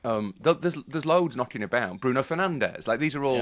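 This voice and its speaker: A man's voice: mid-range voice, lively intonation, a little fast. A man in a casual panel chat, thinking aloud with many restarts. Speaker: podcast panelist.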